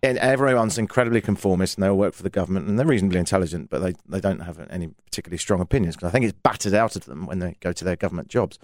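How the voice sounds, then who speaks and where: A man's voice: low voice, racing, few pauses, no room sound. A man from England with a London accent, co-hosting a casual comedic chat and telling stories with dry jokes. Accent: London English. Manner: dry, joking storyteller. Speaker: co-host.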